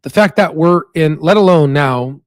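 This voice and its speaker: A young adult man hosting a stock channel, chatting excitably on a livestream with many fillers and asides. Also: fairly high pitch, moderate pace, no echo. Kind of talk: casual livestream commentary.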